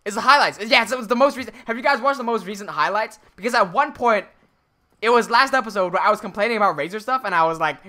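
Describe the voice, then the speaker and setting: A man's voice: high voice, fast, pushed and bright. A man from Hong Kong with an American-sounding accent, chatting casually on a Minecraft livestream and reading viewer messages aloud. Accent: American-sounding English. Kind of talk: casual livestream chat while building.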